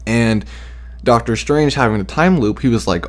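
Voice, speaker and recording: A man's voice: medium pitch, moderate pace. A man casually sharing fan theories, rambling with many fillers and the odd swear word. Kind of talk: casual chat.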